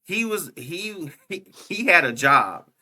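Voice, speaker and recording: Excitable, slangy young man with a bright voice. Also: high-pitched, takes it slowly. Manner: excitable, laughs a lot, slangy with frequent "bruh". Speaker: podcast co-host. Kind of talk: casual chat.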